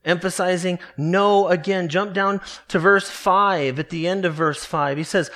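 Slow, emphatic high-voiced male preacher. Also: fairly bright tone. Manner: earnest, emphatic preaching, slows to stress key words. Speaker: pastor. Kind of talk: sermon.

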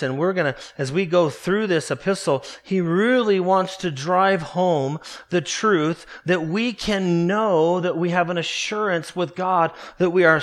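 A man preaching a morning sermon, earnest and emphatic, slowing down to stress key words. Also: sits high. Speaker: pastor.

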